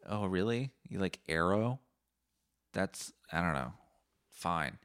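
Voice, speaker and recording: Man, podcast host, very deep voice, swinging intonation, profane rambling jokes. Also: expressive, slow pace, a bit bright, clear, resonant tone, dry recording, studio quality. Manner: rambling, profane, jokey storytelling. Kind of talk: solo comedic podcast monologue.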